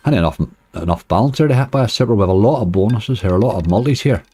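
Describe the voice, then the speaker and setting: Man, Northern Irish accent, casual live-stream commentary, low mellow voice, dry sound. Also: animated, rapid-fire, breathy edge, soft background music. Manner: chatty, talks to his chat, groans at near misses. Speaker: slots streamer.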